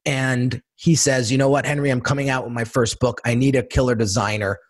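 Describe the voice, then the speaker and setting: Man, middle-aged, guest storyteller, animated, repeats himself, dry recording, mid pitch. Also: fairly quick, no echo. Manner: animated, acts out quotes, repeats words while talking. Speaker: guest entrepreneur and designer. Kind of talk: storytelling in a casual interview.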